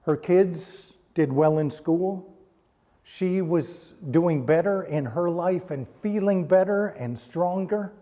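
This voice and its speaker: Middle-aged male pastor, fairly high mellow voice, storytelling sermon with hushed solemn turns. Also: slow pace. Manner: hushes to a near-quiet voice at solemn points. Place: church sanctuary.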